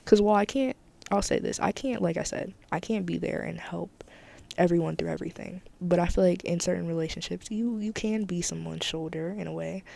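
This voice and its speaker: A woman's voice: lowish voice, brisk, vocal fry, dark tone. A woman hosting her own podcast, talking candidly and emphatically in a casual solo monologue, often repeating herself for emphasis. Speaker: podcast host.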